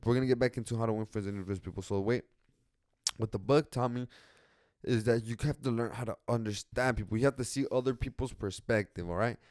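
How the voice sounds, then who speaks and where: A man's voice: medium pitch, fast, darkish tone, dry recording, studio quality. A young man hosting a podcast, talking casually in a rambling way with lots of slang, swearing and restarts. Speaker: podcast host.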